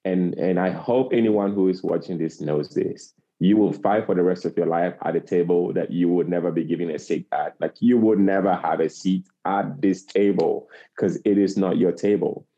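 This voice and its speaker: A man's voice: low-pitched, steady tone, normal speed, few pauses, warm tone. A man in his forties from Africa, a guest speaking earnestly and passionately, repeating phrases for emphasis. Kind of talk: earnest interview talk. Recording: slightly dull lo-fi recording.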